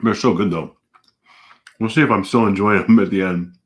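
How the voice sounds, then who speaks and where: A man's voice: on the low side, normal speed. A man in his thirties, a police officer and vlogger, chatting casually at home while eating donuts with his mouth full. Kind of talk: casual vlog, eating challenge.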